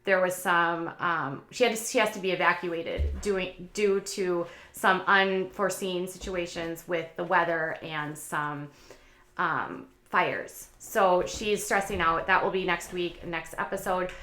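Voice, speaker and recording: A woman's voice: lowish voice, measured pace, pushed and bright, roomy sound. A woman hosting a casual commentary channel, talking in a chatty, opinionated way with lots of fillers.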